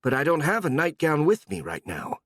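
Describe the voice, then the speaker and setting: A man's voice: a little high, huge pitch swings, normal speed, a bit bright, no echo, studio quality, voice pushed up, heavily acted. A man doing a smug monster queen. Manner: smug, then easily surprised.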